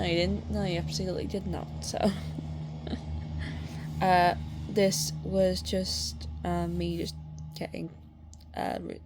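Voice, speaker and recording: Young woman artist, low-pitched, chatty and rambling, easily excited; faint noise behind. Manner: rambling, chatty, many fillers; excitable, swears in bursts. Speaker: artist showing a sketchbook. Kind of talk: casual sketchbook tour chat.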